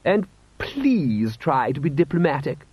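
A man doing a high, fussing aristocratic wife. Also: big pitch swings, measured pace, husky, no room sound, exaggerated voice. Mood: coaxing. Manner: coaxing, gently scolding. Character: fussy, proud aristocratic wife. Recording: dull, slightly lo-fi.

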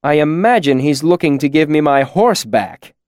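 A man's voice: fairly high pitch, lively intonation, normal speed, darkish tone, no room sound, studio quality, pitched above the performer's own voice, natural voice. A man voicing an angry scribe who speaks in a clipped, cutting way. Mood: indignant. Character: indignant male scribe, sharp-tongued.

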